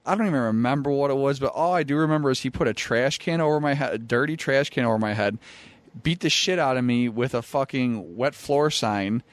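A young man chatting casually on a podcast, swearing freely, who tells rowdy stories and acts out quotes louder. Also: medium pitch, brisk, no echo. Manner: laid-back, profane, acts out quotes loudly. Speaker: former pro wrestler, guest. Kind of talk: casual podcast chat, storytelling. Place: studio. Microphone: studio mic.

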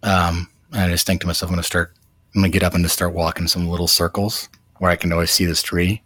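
A man in his thirties, a new father, telling a personal story in a reflective, halting way with many fillers. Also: low voice, flat delivery, fairly bright tone, slightly rough, no room sound, studio quality. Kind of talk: casual storytelling.

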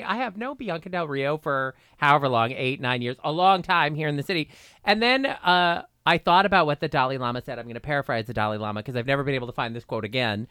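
A man's voice: mid-range voice, expressive, fast talker, bright, forceful tone, clean tone, no room sound, studio quality. A man chatting as a podcast guest, rambling and gossipy with self-mocking humor. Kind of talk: casual comedic chat.

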